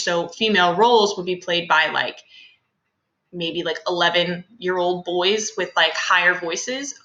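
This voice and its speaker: A woman's voice: fairly low pitch, sharp tone, echoey room, lo-fi sound. A young adult woman teacher talking through a class lesson in a chatty, casual way with many fillers and asides.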